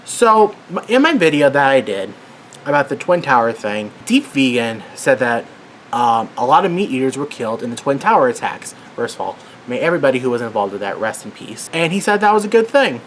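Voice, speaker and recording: A man vlogging an angry rant, worked up and swearing, his words heated and exasperated. His pitch sits in an ordinary middle range. A faint hiss runs underneath. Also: sing-song, fairly quick, fairly bright tone.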